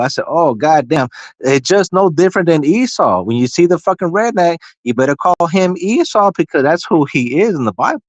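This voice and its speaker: A man telling stories in casual chat, profane and animated, acting out the dialogue he quotes. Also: on the high side, a little fast, no echo.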